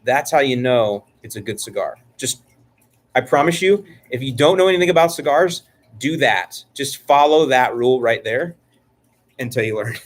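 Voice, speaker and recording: A man's voice: mid-range voice, animated, normal speed. A middle-aged man hosting a casual live-stream chat about lawn care, joking and rambling with frequent restarts. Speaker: lawn care channel host.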